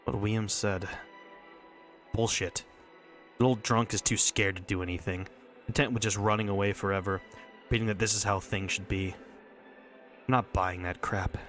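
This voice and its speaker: A man's voice: fairly low pitch, steady tone, moderate pace, long pauses, a bit bright, faint music behind, close to an everyday voice. A man reading a visual novel, voicing a stubborn young girl's intense first-person inner monologue. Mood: obsessive. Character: Michelle, furious stubborn young girl.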